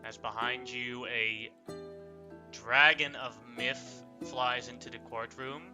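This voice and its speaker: A man running a tabletop game as game master, describing the scene slowly and haltingly. His voice sits mid-range, with clear music playing behind. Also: medium pitch, level tone. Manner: halting, many fillers. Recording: live stream with music behind.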